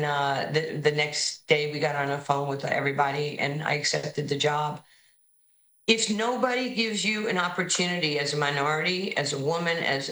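Low, bright woman guest from New York, lively storyteller, echoey room. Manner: animated storyteller, acts out quoted voices. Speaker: basketball head coach, guest. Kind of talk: interview storytelling.

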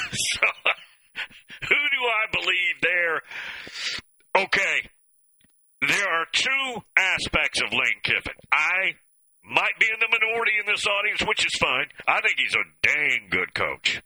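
A man's voice: high voice, very animated, unhurried, pauses often, sharp tone, no echo, low-quality recording. A man hosting call-in sports talk radio, folksy and opinionated. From American South.

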